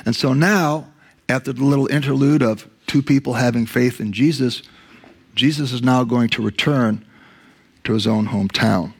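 Gravelly-voiced male preacher. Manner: storytelling, acts out quotes in a lowered voice; slows down to stress key words. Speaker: pastor. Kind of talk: sermon.

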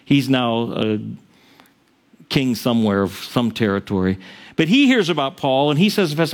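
A man's voice: mid-range voice, sing-song, normal speed. A male pastor preaching a sermon, retelling a story in a casual, conversational way with frequent asides.

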